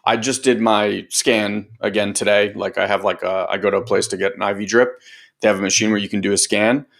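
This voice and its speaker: A man's voice: on the low side, little pitch movement, brisk, gravelly, a bit bright. A man hosting a group training talk as a coach, speaking casually and loosely, with lots of fillers and the odd swear word. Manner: acts out other people's voices in quotes. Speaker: host and personal growth coach.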